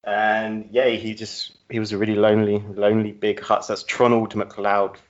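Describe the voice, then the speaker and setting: A man telling a joking character idea in casual chat, halting with many ums and dry asides. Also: on the low side, monotone. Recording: dull lo-fi sound.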